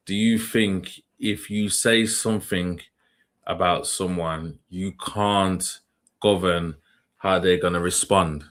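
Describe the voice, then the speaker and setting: Brief: young streamer, very low voice, slangy and rambling, quizzes his chat. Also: a bit bright. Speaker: livestream host. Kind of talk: casual reaction livestream chat.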